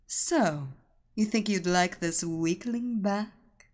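A woman voicing a seductive, commanding woman in an audiobook, speaking slowly with a purring, domineering tone. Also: medium pitch, a little mellow, close to an everyday voice. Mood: sultry, commanding. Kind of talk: audiobook character voice.

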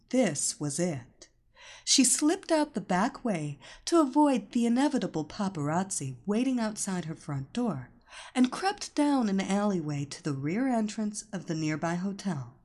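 A woman narrates an audiobook at an unhurried pace. Her intonation rises and falls expressively throughout. It is steady, deliberate storytelling. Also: mid-range voice.

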